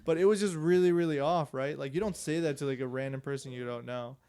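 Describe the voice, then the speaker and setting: Gravelly profane storytelling guy. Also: mid-range voice, fast, a little mellow. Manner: loose, profane storyteller with frequent "like" and laughs. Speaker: podcast co-host. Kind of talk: casual podcast chat.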